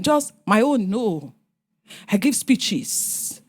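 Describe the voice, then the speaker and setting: Animated Nigerian woman storyteller. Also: high voice, slow, breathy edge. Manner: animated, acts out family members' lines. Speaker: guest speaker. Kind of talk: storytelling on a panel.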